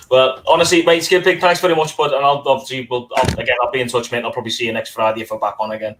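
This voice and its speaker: Matey livestream host. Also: male voice, mid-range voice, fairly even intonation, quick pace, fairly bright tone, a little hiss or hum. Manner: friendly, matey banter with swearing. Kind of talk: casual livestream chat.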